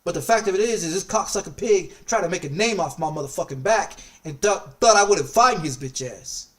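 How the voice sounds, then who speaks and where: A man's voice: high voice, expressive, fairly quick, a bit bright, distant mic. A man streaming a casual chat, telling a story in an angry, profane way and repeating himself often. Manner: angry, profane, heavily repetitive.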